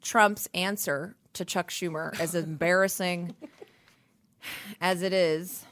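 A woman's voice: on the low side, steady tone, a little slow, fairly bright tone. A woman co-hosting a podcast, ranting in casual political chat, emphatic and profane. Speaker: podcast co-host.

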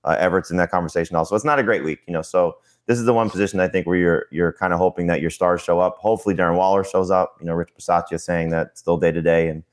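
Co-host, male, very low voice, quick rambling delivery full of fillers. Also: steady tone. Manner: quick, rambling, heavy with "you know" and restarts. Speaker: podcast co-host, fantasy analyst. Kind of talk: casual podcast talk.

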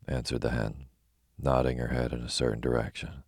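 Very deep, gravelly male bedtime reader. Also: level tone, fairly quick, darkish tone, no room sound, studio quality. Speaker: narrator. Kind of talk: sleepy bedtime story reading.

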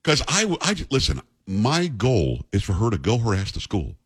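Blunt, husky-voiced male talk radio host. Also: on the low side, huge pitch swings, normal speed. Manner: blunt, joking, self-mocking. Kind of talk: opinionated talk radio banter.

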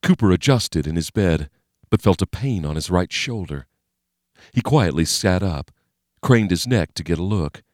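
A male narrator with a very deep voice, reading in a steady, measured way. He sits close to the mic in a dry, dead room. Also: no echo. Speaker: audiobook narrator. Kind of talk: scripted narration.

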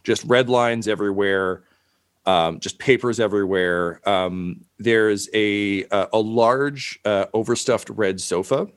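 A man's voice: on the low side, takes it slowly, clear, resonant tone, no echo. A man running a tabletop game as game master, narrating hesitantly with many fillers.

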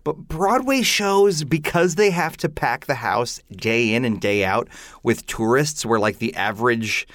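A man chatting on a musical theatre podcast, animated and opinionated, full of "like" asides. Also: medium pitch, a little slow, dry recording. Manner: animated, opinionated, many "like" fillers. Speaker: podcast panelist. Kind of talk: casual chat.

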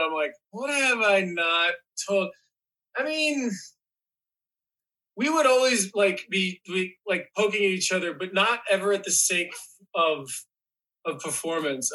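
Guy with a high bright voice, rambly podcast guest, lots of "like". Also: low-quality recording. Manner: rambling, restarts often, says "like" a lot. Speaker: guest actor. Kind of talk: casual chat.

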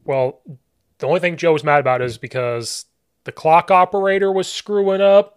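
Guy host, a bit high voice, animated, laughs along. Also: clear, resonant tone. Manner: animated, laughs along, quick back-and-forth. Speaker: podcast host and high school football coach. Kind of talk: casual podcast chat.

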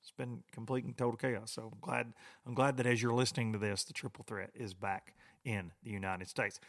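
A man's voice: lowish voice, fairly even intonation, a little fast. A middle-aged man, rambling and grumbling in a casual, folksy podcast monologue. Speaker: podcast host.

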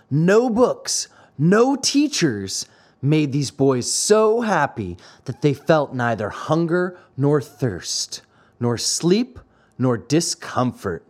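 A man narrating a classic fairy-tale audiobook with an expressive storytelling delivery. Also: fairly high pitch.

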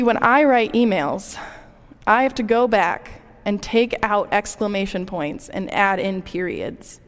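A woman giving a conversational sermon, preaching in a relatable way with personal stories. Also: on the high side. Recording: reverberant hall.

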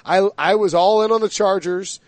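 A man's voice: high-pitched, normal speed, no room sound. A man hosting a casual sports debate, chatty and joking, with frequent fillers. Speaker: sports talk host.

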